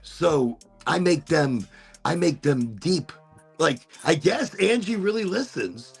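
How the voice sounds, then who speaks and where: A man's voice: on the high side, lively intonation, slow pace, vocal fry, slightly rough, faint music behind. A man hosting a casual chat, rambling and swearing easily as he talks about holidays and family. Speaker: host.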